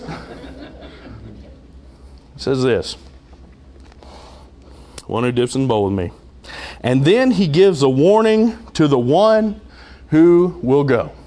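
Male pastor, sermon, slightly high voice, chatty preaching with jokes. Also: darkish tone. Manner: conversational preaching with humor and dramatic asides.

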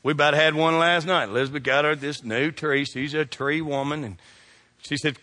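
A middle-aged man, a pastor telling funny stories in a sermon, folksy and animated, shouting his punchlines. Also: on the high side, normal speed. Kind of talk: humorous sermon storytelling.

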